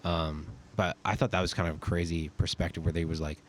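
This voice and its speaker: Deep-voiced young man telling rambling stories. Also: level tone, a little fast, a little hiss or hum. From California, US. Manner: rambling, filler-heavy with frequent "like". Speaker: podcast guest, army sergeant. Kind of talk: casual storytelling.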